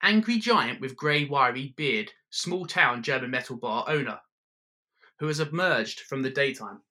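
A man telling a comic story in the second person, with deadpan, wry narration. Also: medium pitch, a little slow.

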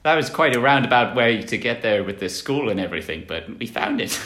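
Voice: medium pitch, animated, a little fast, fairly bright tone, echoey room. A podcast co-host in casual chat, joking and laughing often. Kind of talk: casual chat, guessing game.

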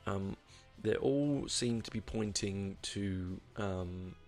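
A man's voice: on the low side, slow, darkish tone, faint music behind. A man giving a casual album review, rambling and hesitant, with lots of ums and restarts. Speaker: music reviewer.

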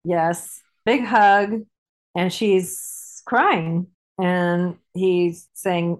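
A woman with a slightly low voice co-hosts a chat about a series she loves. She talks with enthusiasm and playfully acts out the lines, jumping up in pitch for the characters. The tone is casual. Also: fairly even intonation, extremely slow. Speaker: podcast co-host.

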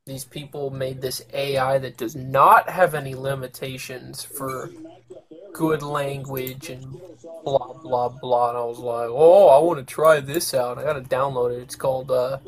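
A man's voice: mid-range voice, little pitch movement, measured pace, fairly bright tone, poor audio. A tired man hosting a podcast in casual chat, grumbling and swearing often. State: tired, yawning. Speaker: podcast host.

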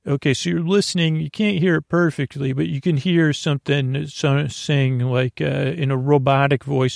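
A man narrating as game master in a tabletop game, halting with frequent fillers and restarts. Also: on the high side, fairly even intonation, gravelly, no echo, studio quality.

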